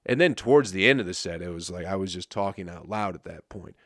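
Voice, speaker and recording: A man's voice: low voice, expressive, fast talker, fairly bright tone, dry recording, studio quality. A man who is a comedian, telling rambling, profane stories on his podcast and laughing at them. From Flint, Michigan. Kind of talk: casual storytelling monologue.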